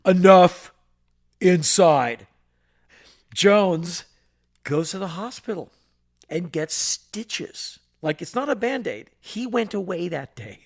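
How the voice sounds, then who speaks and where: A man co-hosting a podcast, telling a story in an animated way and acting out voices and sounds. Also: sits high, slow, gravelly. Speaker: podcast co-host. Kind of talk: storytelling in casual chat.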